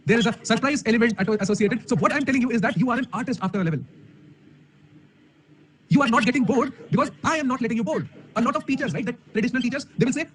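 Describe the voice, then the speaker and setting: A man's voice: high-pitched, rapid-fire, slight background noise. A man with an Indian English accent, an online coding teacher speaking energetically to a live audience, full of emphatic rhetorical questions. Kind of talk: live-stream talk to an audience. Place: room alone. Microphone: camera mic.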